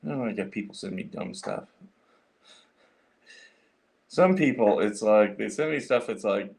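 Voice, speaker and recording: A man with a fairly low voice hosts a casual livestream, chatting as he works through things on his computer. He rambles with lots of fillers and restarts, thinking out loud as he goes. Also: sing-song, slow pace, gravelly, long pauses. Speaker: livestream host.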